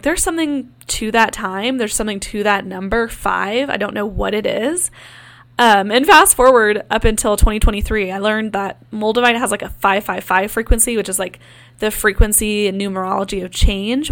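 Young female podcast host; animated, profane, filler-heavy personal storytelling, voice a bit high. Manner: frequent fillers, swears freely, animated retelling. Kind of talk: casual storytelling monologue.

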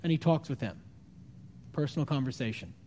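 A man preaching a sermon, retelling a story with animated, acted-out voices and sudden drops to a hushed tone. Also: medium pitch, a little fast, a little hiss or hum. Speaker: pastor.

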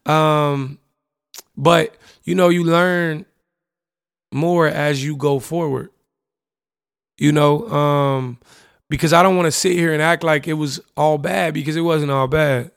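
A young man talking through memories of an old relationship, loose and candid, dropping slang and the odd curse. His voice sits a touch high for a man and has a gravelly, fried edge. It is recorded close and dry, with no room sound. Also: steady tone, takes it slowly, long pauses, dry recording. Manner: casual, candid storytelling with slang, profanity and frequent "you know what I'm saying". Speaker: podcast host. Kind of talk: reflective personal monologue.

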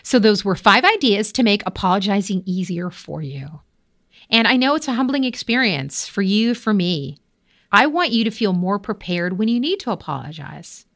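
A woman talks straight to her listener, coaching leaders through a solo podcast episode. Her voice sits at an ordinary middle pitch. She is direct and encouraging, now and then calling the listener her friend. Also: very animated, moderate pace, a bit bright. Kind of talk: solo podcast advice talk.

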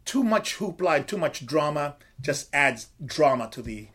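A middle-aged man hosting a casual podcast, with a lively voice that climbs and dips as he talks. He talks like a coach, swears freely and quizzes himself before he answers. His voice sits a bit high for a man. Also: moderate pace, slightly rough. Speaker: podcast host and strength coach.

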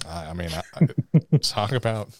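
A man's voice: on the low side, normal speed. Crude, joking man podcast co-host. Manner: crude jokester, mumbling asides. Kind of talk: casual crude banter.

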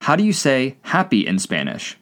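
A man hosting a scripted language-lesson podcast, asking questions and then repeating each answer slowly twice. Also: mid-range voice, wildly swooping pitch, fairly bright tone. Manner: slow repeated drills with pauses. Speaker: language teacher.

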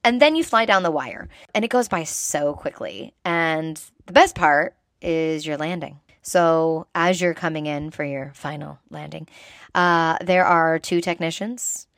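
Woman, casual storyteller, chatty and animated, fillers like "like", slightly low pitch, dry close recording. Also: slow, no echo. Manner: chatty and animated, heavy use of "like". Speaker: host recounting past work as a theme-park performer.

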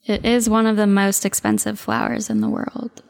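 A woman's voice: medium pitch, very animated, normal speed, vocal fry, darkish tone, no echo. A woman co-hosting a podcast who adds film trivia and wry asides. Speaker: podcast co-host. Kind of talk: casual movie chat.

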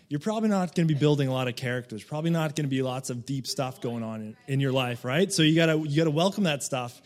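A man's voice: on the high side, a little mellow. A man giving a loose, conversational sermon, full of fillers and asides, who once lived in Canada. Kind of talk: casual sermon.

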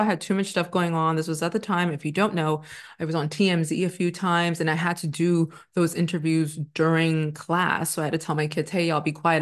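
A woman in her thirties talks straight to camera in a loose, confessional vlog, pausing often with ums. Her voice sits a little low for a woman. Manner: candid, rambling, frequent ums. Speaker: astrologer and former teacher. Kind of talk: casual personal vlog.

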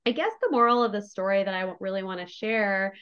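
A woman's voice: mid-range voice, animated, fast talker, fairly bright tone, smooth. Effusive woman guest, lo-fi sound. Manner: effusive, emotionally open, many "like" fillers. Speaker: podcast guest. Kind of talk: candid personal storytelling. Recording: dull lo-fi recording.

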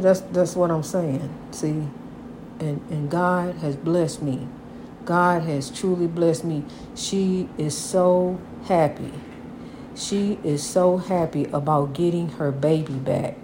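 A woman's voice: lowish voice, noisy background. An older woman, a grandmother, giving casual inspirational advice about God in a folksy, repetitive way, calling the listener honey. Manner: preachy, God-centered encouragement.

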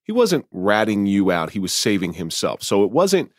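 Low-voiced reflective male podcast host. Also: big pitch swings, moderate pace, no echo, studio quality. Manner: reflective, thinks aloud with restarts. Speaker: podcast host, former police officer. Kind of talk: interview conversation.

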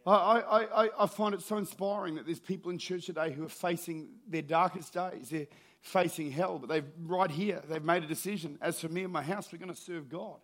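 High-voiced pastor preaching. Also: male voice, brisk. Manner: energetic preaching, builds to shouts then drops low and quiet. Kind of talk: sermon.

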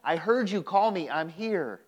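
An eager young boy answering a call in the dark, his voice lifted a little higher than the storyteller's own, as a male preacher puts him on. He sounds ready and willing. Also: lively intonation, measured pace, husky, full character voice.

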